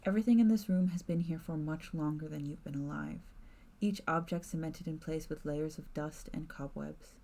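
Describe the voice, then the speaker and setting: A woman streamer reading a spooky game's narration aloud in a measured, softly dramatic way. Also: low voice, steady tone, creaky.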